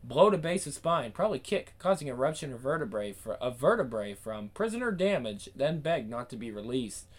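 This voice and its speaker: A man's voice: medium pitch, sing-song, a little fast, few pauses. A man giving a dramatic reading in a clipped, report-like delivery. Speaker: reader.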